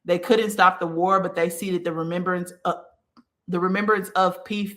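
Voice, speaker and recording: A woman's voice: lowish voice, steady tone, moderate pace, a bit bright. A woman giving a casual spiritual talk, addressing her listeners directly and often checking in with "okay". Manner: conversational, many fillers like okay and like. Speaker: spiritual teacher.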